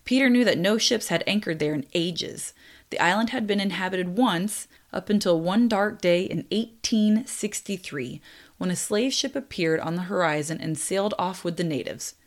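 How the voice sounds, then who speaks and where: A young woman tells a true adventure story with lively energy. Her voice sits a touch low for a woman, and she breaks off now and then for casual, apologetic asides. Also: moderate pace. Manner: lively, laughs at own slips, apologetic asides. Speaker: narrator.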